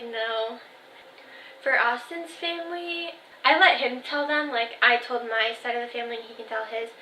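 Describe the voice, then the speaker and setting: A woman's voice: a little high, pushed and bright, a little hiss or hum. A twenty-year-old woman vlogging in casual chat, telling a story with lots of "like" and "um" and quoting her family's texts. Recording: echoey room.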